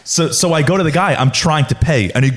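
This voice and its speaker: A man's voice: fairly high pitch, fast, noisy background. A young man co-hosting a casual podcast, telling a story animatedly and acting out the people he quotes. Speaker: podcast co-host.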